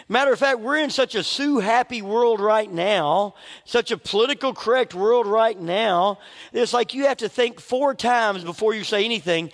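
A man's voice: high-pitched, long reverb tail. A man preaching a sermon as pastor, conversational and humorous, acting out his own inner voices.

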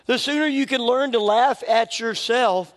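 High-voiced pastor preaching in a hall. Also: male voice, unhurried, fairly bright tone. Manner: humorous, conversational preaching with acted-out inner voices. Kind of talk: sermon.

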